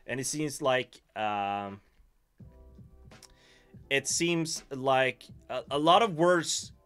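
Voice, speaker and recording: Man, Swedish accent, livestream host, casual chat, self-mocking, sharp bright tone, faint music behind. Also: medium pitch, animated, very slow, clean tone. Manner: musing, self-mocking, reads chat aloud.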